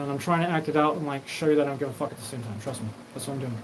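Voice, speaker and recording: A man's voice: mid-range voice, rapid-fire, few pauses, noisy background. A man hosting his own show, talking in a profane, meandering solo monologue and acting out quoted dialogue. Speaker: show host.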